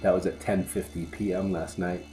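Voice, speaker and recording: A man with a deep, dark-toned voice speaks in a subdued, halting way. He gives a heartfelt tribute in a home video while soft music plays faintly underneath. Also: level tone. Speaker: hot sauce reviewer vlogger. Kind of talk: heartfelt spoken tribute to a friend.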